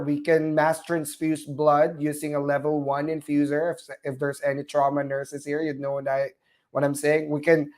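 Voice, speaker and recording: A man's voice: fairly high pitch, darkish tone. A man with a Filipino accent teaching a live online nursing class, walking students through a case study and checking in often with "all right?". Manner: repetitive, checks in often with "all right?", apologetic about corrections. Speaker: nursing exam instructor.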